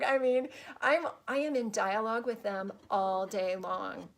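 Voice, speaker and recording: A woman coach talks to her viewers on a live stream, chatty and gushing as she goes. Her voice sits mid-range and has a gravelly, fry-edged texture. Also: mid-range voice, moderate pace, few pauses. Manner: chatty and gushing, many restarts. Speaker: spiritual life coach.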